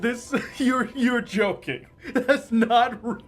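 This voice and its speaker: A man streaming a game live, chatting casually with his viewers in a playful, excitable way. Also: extremely high pitch, slow pace, faint music behind. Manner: playful and excitable, squealing and laughing at surprises. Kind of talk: casual livestream chat while gaming.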